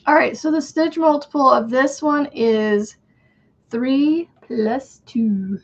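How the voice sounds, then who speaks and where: A chatty woman hosts a crochet livestream, greeting viewers by name and counting under her breath. Her voice sits a little high, with a gravelly, husky edge. The stream audio is dull and lo-fi. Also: slow. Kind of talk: casual livestream chat while crocheting.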